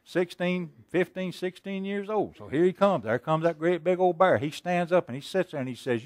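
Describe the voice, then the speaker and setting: A man preaching a sermon, telling a story in a folksy way and asking the congregation many questions, swinging between loud and hushed delivery. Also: sits high, expressive, moderate pace, few pauses, dry recording. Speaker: pastor.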